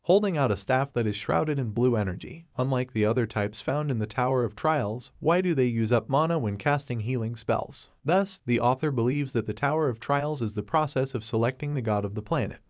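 A man reading a scripted story recap in a steady, even narration. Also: medium pitch, a little fast, hardly any pauses, no echo, clean studio sound.

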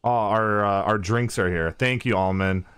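A man's voice: on the low side, normal speed, a bit bright, clean tone. Chatty male streamer. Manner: chatty and explanatory, with many fillers. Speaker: streamer host. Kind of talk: casual chat while livestreaming.

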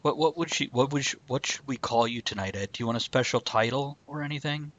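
A man's voice: medium pitch, fast, fairly bright tone, no room sound, muffled recording. A man hosting a casual podcast chat, rambling and teasing with frequent laughs. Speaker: host.

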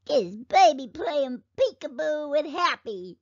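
A woman narrating a toy play video for toddlers in an excited, sing-song voice, speaking as a cheerful toy character. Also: sits high, very slow, no room sound, muffled recording. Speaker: children's video host.

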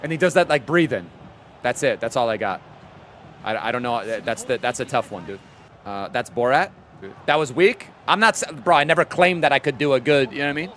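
A man's voice: mid-range voice, expressive, a little fast, a bit bright, slight background noise. A young man streaming games and chatting casually with his viewers in a laid-back way. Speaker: game streamer.

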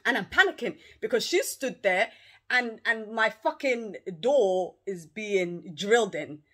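A woman's voice: medium pitch, unhurried. A woman with a British northern English accent telling a dramatic, swear-filled story in a casual vlog, filmed by a camera in her living room. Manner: animated, profane storytelling. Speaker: vlogger.

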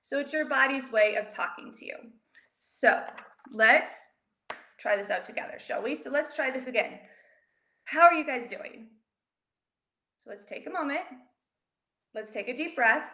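A woman teaching young children online in a chatty, upbeat way, openly nervous and excited. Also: a little high, normal speed, long pauses, roomy sound. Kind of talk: virtual lesson for young children. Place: home room with a big window.

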